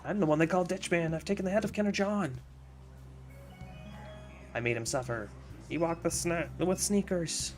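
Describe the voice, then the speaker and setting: Streamer putting on a shrill young cultist, loud, grandiose and stammering, with faint music underneath. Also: male voice, expressive, moderate pace, lightly acted. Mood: proclaiming. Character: zealous young male cultist, proclaiming loudly.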